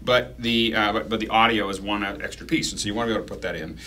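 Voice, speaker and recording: A man's voice: on the low side, steady tone, rapid-fire, pushed and bright. A man co-hosting a tech podcast, talking casually in a rambling way with many restarts and fillers. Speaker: co-host.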